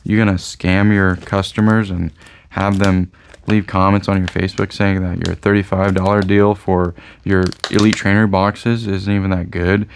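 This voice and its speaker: A man's voice: sits low, level tone, moderate pace, creaky, slight background noise. A man who runs a game store, chatting casually in a rambling monologue that often trails off into uncertain asides.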